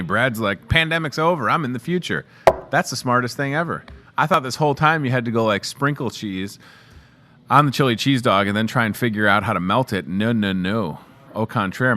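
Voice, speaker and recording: A man's voice: fairly low pitch, sharp tone, slight background noise. Chatty upbeat man hosting a local show. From Chicago area. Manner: chatty, upbeat and joking, talking to the camera and crew. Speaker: local morning show host. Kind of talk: casual live show chat promoting store products.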